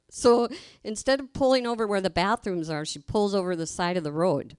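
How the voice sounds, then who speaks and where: A woman's voice: medium pitch, a little fast, a little mellow, clear, resonant tone, no echo, studio quality. A middle-aged woman telling a personal story live on stage, colloquial, laughing as she goes and acting out the voices she quotes. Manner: colloquial, laughs through her own story.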